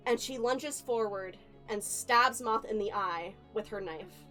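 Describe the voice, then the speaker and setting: A woman game master narrating a spooky tabletop one-shot. She talks slowly and deliberately, with suspenseful pauses and a slightly high voice. Faint music plays behind her. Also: pushed and bright. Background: faint background music.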